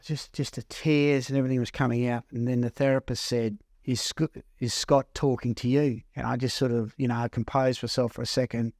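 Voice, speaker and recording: Aussie guy telling his own story, earnest and halting, lots of restarts, dry close sound, mid pitch. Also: little pitch movement, darkish tone, no echo. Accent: Australian. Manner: earnest, halting, repeats words. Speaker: counsellor and mentor. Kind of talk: personal story told to camera.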